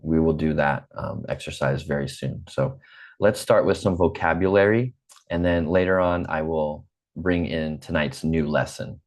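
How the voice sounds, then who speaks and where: An online English class is led over a video call by a man in his forties from the United States, speaking into a computer mic. His General American accent comes through an extremely low-pitched voice, and he's slow and patient, repeating himself.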